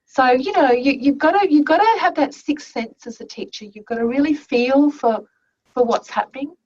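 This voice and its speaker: Over muffled, distant video call audio, a woman who trains teachers leads an online class, sharing classroom anecdotes in a chatty, conversational style with lots of restarts. Her voice is high-pitched with a darkish tone, at a moderate pace.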